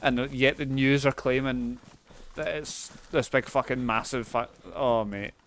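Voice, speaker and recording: A man's voice: mid-range voice, steady tone, a little slow, fairly bright tone, slight background noise. A Scottish man live streaming a game, chatting casually and swearing freely as he thanks viewers. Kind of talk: casual gameplay chat.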